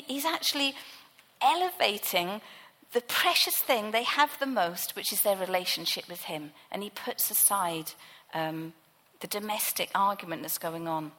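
A woman's voice: medium pitch, pushed and bright, long reverb tail, low-quality recording. A woman preacher giving a sermon, teaching from the Bible in a conversational way.

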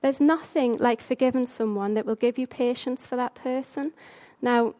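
A woman delivering an informal sermon in a chatty, brisk manner. Her voice sits slightly high, and she stumbles and restarts now and then as she speaks. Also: fairly even intonation, mellow. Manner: brisk, conversational, with fillers. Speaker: speaker giving a talk.

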